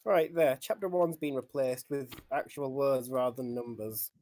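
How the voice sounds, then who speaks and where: A man's voice: medium pitch, normal speed, warm tone. A man on a casual podcast, answering in a plain, matter-of-fact way. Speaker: fanfiction author on a podcast.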